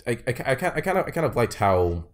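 A man co-hosting a film review podcast, speaking haltingly and repeating words as he gathers his thoughts. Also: mid-range voice, big pitch swings. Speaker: podcast co-host. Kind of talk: casual film review chat.

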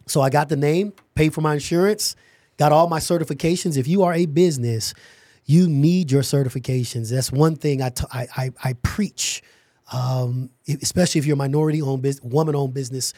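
A middle-aged man, a podcast guest, telling an animated story about starting his company and acting out the dialogue. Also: on the high side, brisk, dry recording.

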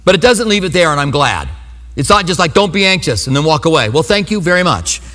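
A man's voice: a little high, big pitch swings, fast talker, sharp tone. A man preaching a sermon as a pastor, talking in a conversational way and acting out funny reactions as he tells stories. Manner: conversational, humorous storytelling with acted-out reactions. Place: church sanctuary. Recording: long reverb of a large hall.

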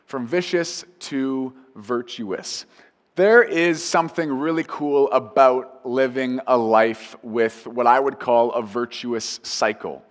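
A male pastor delivers his sermon with earnest conviction, stacking repeated phrases to drive each point home. His voice sits at an ordinary middle pitch for a man. The sound carries a long reverb, as in a large church sanctuary. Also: steady tone, measured pace, few pauses.

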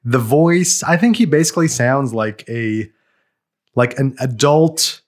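A man's voice: mid-range voice, lively intonation, unhurried. Brooklyn guy co-hosting a podcast, laid back, blunt opinions, laughs a lot. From Brooklyn, New York. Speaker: podcast co-host. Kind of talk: casual church podcast chat.

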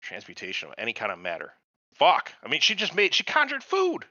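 A man's voice: on the high side, huge pitch swings, fairly quick, pushed and bright, no room sound, muffled recording. A man in casual podcast chat, rambling and profane, acting out the voices of people he describes. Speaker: podcast host.

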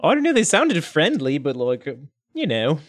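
A man playing a tabletop game, playful and quick to laugh. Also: a little high, wildly swooping pitch, no echo, studio quality. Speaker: player. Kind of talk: casual tabletop play.

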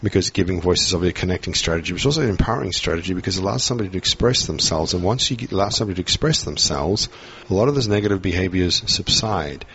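A man's voice: sits low, expressive, very fast, hardly any pauses, a bit bright, a little hiss or hum. A man, a guest on a parenting podcast, talking at length in a reflective, explaining way. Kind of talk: earnest podcast conversation. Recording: dull lo-fi audio.

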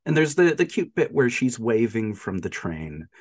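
A man's voice: medium pitch, normal speed. A man co-hosting a podcast, casually retelling a film's plot with lots of laughter and acted-out lines. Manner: animated, laughs often, acts out character lines. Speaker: podcast co-host.

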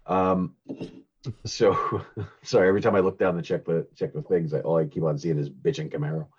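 A man's voice: low-pitched, fairly even intonation, brisk, darkish tone, breathy edge, dull audio. A man co-hosting a podcast, casually recapping a movie in a rambling, giggly way with lots of fillers and restarts. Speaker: podcast co-host recapping a film.

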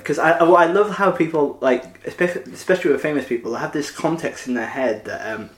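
Interviewer rambling in an echoey room. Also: male voice, a little high, a little fast. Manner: rambling questions full of fillers. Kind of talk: casual interview chat.

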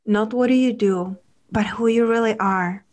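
A woman hosting a podcast interview, guiding her guest through a visualization in a gentle, soothing way. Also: fairly high pitch, fairly even intonation, normal speed. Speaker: podcast host.

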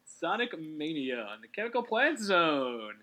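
A man hosting a relaxed gaming commentary, rambling and correcting himself as he talks, with quick laughs. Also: fairly high pitch. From Canada. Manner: rambling, self-correcting, giggly. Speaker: let's play host.

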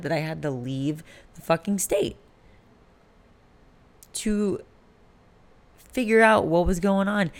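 A woman's voice: low voice, vocal fry. A woman in her late twenties hosting a candid, rambling late-night solo podcast, swearing freely. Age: late 20s. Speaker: podcast host.

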